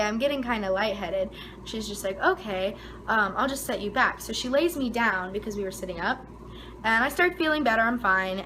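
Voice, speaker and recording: A woman's voice: a little hiss or hum, poor audio. A young woman vlogger telling a story in a casual, dramatic way, full of "like" fillers, her voice leaping up when she quotes herself. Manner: animated, dramatic retelling with frequent "like" fillers; voice jumps high and loud when quoting herself.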